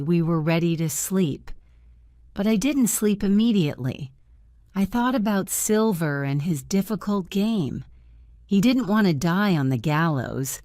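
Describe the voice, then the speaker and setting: Woman narrator, slow careful reading, lowish voice, dry close sound. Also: a little mellow, no echo. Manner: slow, clear reading of a simple story. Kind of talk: graded-reader story narration.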